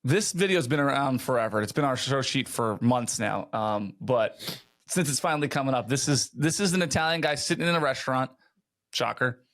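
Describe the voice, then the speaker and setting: A man's voice: mid-range voice, fairly quick, fairly bright tone. A man hosting a casual podcast chat, explaining things in a chatty way. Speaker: podcast host.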